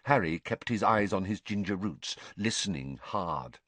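A man reading a novel aloud as an audiobook narrator, measured and expressive. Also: deep voice, no room sound.

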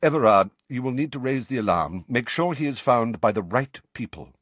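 A man voicing an old headmaster wizard who speaks quietly, calmly and in a measured way. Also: mid-range voice, no room sound, voice pushed up, natural voice.

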